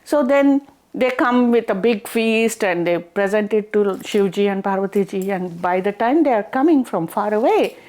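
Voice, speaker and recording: A woman storyteller retelling a folk tale in a casual, chatty and animated way. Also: mid-range voice, normal speed. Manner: chatty, animated, many fillers like "she's like".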